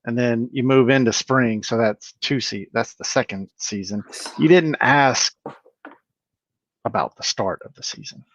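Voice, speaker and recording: A man's voice: medium pitch, unhurried, no room sound, dull audio. A man co-hosting a casual online chat, joking and arguing technicalities with a wry manner. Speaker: co-host.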